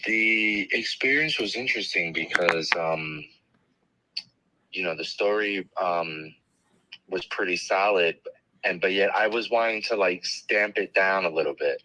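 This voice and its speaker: A man speaking as a guest author, reflecting thoughtfully with hesitant pauses and many fillers. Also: deep voice, bright, forceful tone, slight background noise, rough recording. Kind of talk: reflective conversation.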